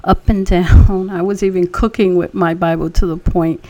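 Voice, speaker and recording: A woman sharing a personal faith testimony, telling her story with emotion and often dropping into a breathy whisper. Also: fairly low pitch, fairly even intonation, normal speed, mellow.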